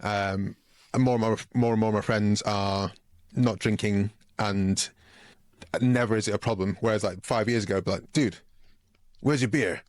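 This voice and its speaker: A man hosting a podcast, relaxed and casual, with lots of fillers and easy laughs. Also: lowish voice, moderate pace, clean tone, dry recording. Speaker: podcast host. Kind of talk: casual conversational interview.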